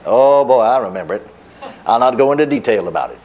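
A man's voice: quick pace, some chatter behind. A middle-aged man preaching a sermon, telling a story in a folksy way with chuckles and repeated words. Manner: lively pitch, dropping low at line ends.

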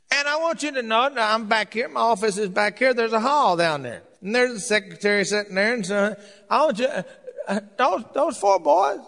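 Older pastor, fervent shouting sermon; very high, bright voice. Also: male voice, gravelly. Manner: fervent preaching, rising to shouts. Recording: long hall reverb.

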